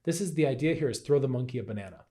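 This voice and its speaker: Male wellness teacher, warm mellow tone, chatty delivery, keeps checking in with "right?", sometimes acts out inner voices. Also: mid-range voice, lively intonation, rapid-fire. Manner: conversational, keeps asking "right?". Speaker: health and Qigong teacher. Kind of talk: casual teaching talk to camera.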